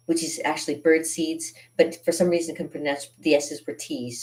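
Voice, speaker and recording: A woman's voice: sits low, level tone, moderate pace, hardly any pauses, darkish tone. A woman artist hosting a live drawing stream, chatting casually and rambling with frequent laughs as she teaches.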